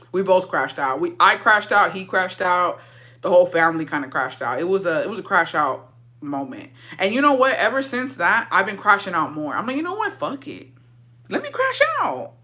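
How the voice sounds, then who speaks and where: Woman, blunt and foul-mouthed, casual storytime vlog, bright edge, English mixed with Spanish slang. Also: on the low side. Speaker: vlogger.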